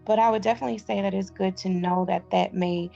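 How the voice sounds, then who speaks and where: A woman's voice: mid-range voice, steady tone, fast talker, gravelly, mellow, muffled recording, faint music behind. A middle-aged woman, recording a casual vlog on her phone, reading book passages aloud and then chatting about them. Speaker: vlogger reading and reviewing a self-help book. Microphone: phone with headphones in.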